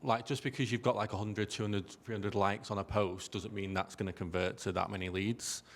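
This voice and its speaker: A man's voice: fairly low pitch, level tone, brisk. A man on a business panel, talking in a joking, self-deprecating way. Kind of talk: casual panel discussion.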